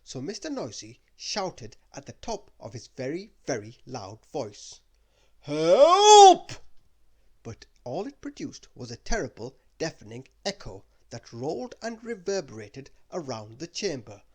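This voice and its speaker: A man reads a children's storybook aloud at bedtime. His husky voice swoops widely in pitch as he tells the story, and he sounds expressive throughout. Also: moderate pace, few pauses.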